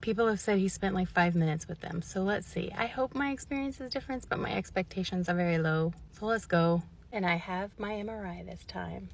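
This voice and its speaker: A woman talks straight into her phone, candid and emotional. Her voice sits at an ordinary middle pitch. She vents openly and at times drops to a hush. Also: moderate pace, creaky, slight background noise. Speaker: vlogger living in her car. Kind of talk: candid diary vlog.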